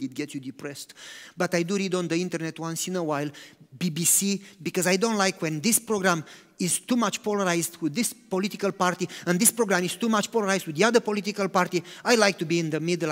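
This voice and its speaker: A man preaching a sermon, animated, swinging between loud emphatic lines and hushed, quiet ones. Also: on the high side. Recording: long hall reverb.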